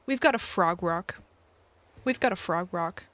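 A woman's voice: on the low side, animated, a little slow, fairly bright tone. A young woman hosting a casual live stream while playing a game, giggly and chatty, reading chat aloud. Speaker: livestream host.

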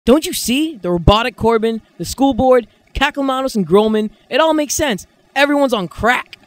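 A man's voice: very high voice, expressive, moderate pace. A teenage boy playing a distracted, girl-crazy teen superhero in an amateur comedy sketch. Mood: eager. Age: late teens. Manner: distracted, drifting off mid-sentence.

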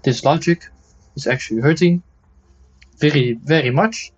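The audio is lo-fi with faint music behind a man whose voice sits on the high side and moves at a moderate pace. He hosts let's play commentary for a shooter game, full of exasperated, sweary joking complaints, at times breaking into mock German and Dutch.

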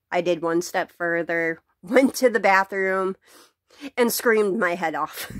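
A woman's voice: on the low side, slow pace, dry recording, studio quality. A woman venting bluntly to camera about her day, swearing freely and laughing between sentences, recorded at home. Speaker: vlogger. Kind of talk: casual venting rant to camera.

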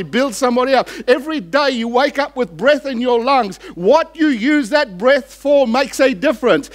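A male pastor preaching a church sermon with a high-pitched voice. He swings between rising, emphatic declarations and hushed, slowed passages. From Australia. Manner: impassioned preaching, rising for emphasis then dropping low and slow.

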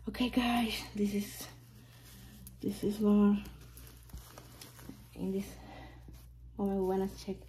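Slow, gushing woman whispering in awe. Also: mid-range voice, slight background noise. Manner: gushing, often dropping to an excited whisper. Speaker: reborn doll unboxing vlogger. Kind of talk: casual unboxing commentary.

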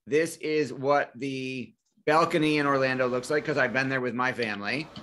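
A man's voice: mid-range voice, moderate pace, a bit bright. A man in his forties hosting a live financial webinar, telling a personal story and acting out phone calls with family.

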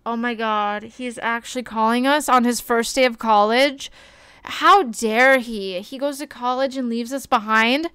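Young woman, streamer, excitable, chatty, smooth clear voice, gaming commentary. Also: fairly high pitch, unhurried, dry recording, clean studio sound. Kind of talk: casual gameplay commentary.

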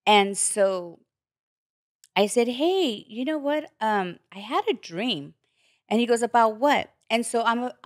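A woman tells a personal story on a podcast, jumping into other people's voices as she quotes them and swearing as she goes. Her pitch sits in the middle, and the close mic leaves the sound dry. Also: no echo. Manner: animated, acts out quoted voices, swears freely. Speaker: podcast guest. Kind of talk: candid storytelling chat.

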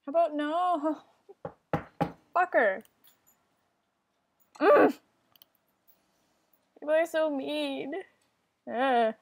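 A woman's voice: high-pitched, slow, pauses often. A young woman giving casual commentary while playing an online game, often frustrated and swearing at other players. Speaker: gamer.

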